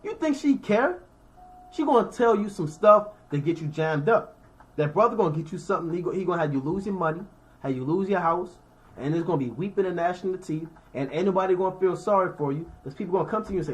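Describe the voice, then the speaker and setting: Speaking fairly quickly, this man has a fairly high, expressive voice. His informal scripture lesson alternates between reading verses and unpacking them through everyday examples, all in casual slang, with frequent check-ins with the audience.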